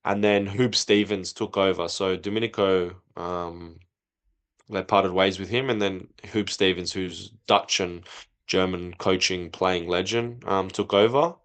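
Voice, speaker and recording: Low-voiced man telling a lively story. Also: a little slow. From not from Europe. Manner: animated, acts out quoted dialogue. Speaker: podcast guest, former footballer. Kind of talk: casual storytelling.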